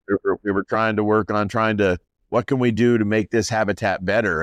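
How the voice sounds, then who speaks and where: A man's voice: lowish voice, clean tone, dry recording, studio quality. A man, a farmer, telling stories in a rambling, casual way and quoting people as he goes. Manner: rambling storyteller, many restarts and quoted dialogue. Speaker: farmer and landowner guest. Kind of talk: casual conversation.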